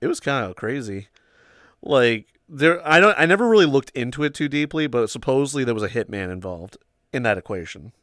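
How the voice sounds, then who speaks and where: A man's voice: mid-range voice, lively intonation, fairly quick, fairly bright tone, no echo, studio quality. Rambling young man telling stories. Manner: rambling, full of "like" and "um". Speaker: livestream host. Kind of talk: casual storytelling chat.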